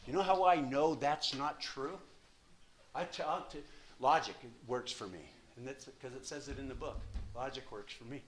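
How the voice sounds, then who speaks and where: A man in his sixties giving an impassioned, profane personal share at a recovery meeting, swinging from hushed to loud. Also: medium pitch, normal speed.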